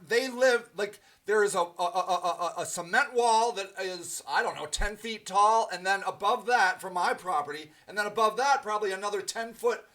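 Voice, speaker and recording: A man with a high-pitched voice hosts a livestream and rants to his viewers. He is angry and swears often, breaking off into ums and restarts as he answers their comments. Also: a bit bright. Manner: profane, angry and emphatic, with frequent ums and restarts. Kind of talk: ranting livestream monologue.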